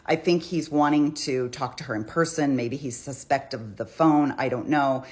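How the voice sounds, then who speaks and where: A woman talking casually about a criminal case, chatty and quick to restart her sentences. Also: a bass voice, darkish tone. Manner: chatty, restarts often, reads out quotes with feeling. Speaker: true crime commentator. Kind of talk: casual true crime commentary.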